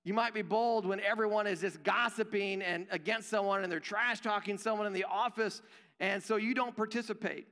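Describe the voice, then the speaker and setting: Bright-voiced pastor preaching in a hall. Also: male voice, high voice, steady tone, fairly quick. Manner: conversational, self-deprecating, acts out quoted voices. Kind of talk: sermon. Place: church sanctuary.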